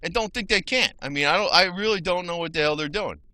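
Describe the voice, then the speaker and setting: A man's voice: high voice, fast talker, sharp tone, no room sound, rough recording. A man with a New Jersey accent ranting heatedly in a casual video, rambling with restarts and mild swearing. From New Jersey, USA. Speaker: channel host.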